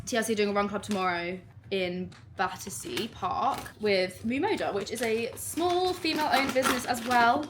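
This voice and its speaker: A young woman, chatting casually at home while unboxing a clothing haul in an excitable, gushing way. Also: a little high, a little fast, a little hiss or hum. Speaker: vlogger.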